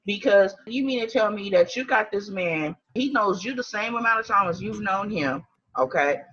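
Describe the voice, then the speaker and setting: A woman's voice: mid-range voice, animated, moderate pace, fairly bright tone, lo-fi sound. A woman co-hosting a casual recap chat, talking in sassy, colloquial banter and laughing often. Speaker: podcast co-host.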